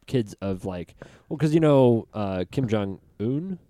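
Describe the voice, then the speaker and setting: A man's voice: fairly low pitch, animated, slow, mellow. A young man hosting a casual podcast chat, rambling through his stories with lots of filler words. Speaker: podcast host.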